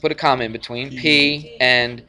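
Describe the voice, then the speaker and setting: A male math teacher lecturing a class in a classroom, energetic and jokey, often checking in with the students. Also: mid-range voice, moderate pace. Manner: energetic, jokey, asks frequent check-in questions.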